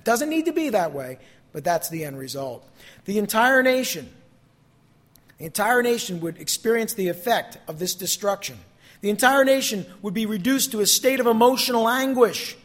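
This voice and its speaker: A man preaching a sermon, reading scripture expressively and explaining it, his voice lifting on quoted verses and dropping low on conclusions. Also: a bit bright. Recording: long reverb in a large hall.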